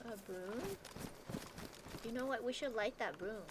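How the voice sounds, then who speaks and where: A woman streaming a game live, chatting with her viewers, excitable and laughing often as she plays. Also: fairly high pitch, a little slow, heavy background noise. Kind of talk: live gameplay commentary.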